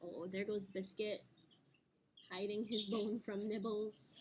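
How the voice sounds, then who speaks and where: A woman teacher reading a picture book to young children, gentle and animated, often asking them questions. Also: mid-range voice, takes it slowly, slight background noise.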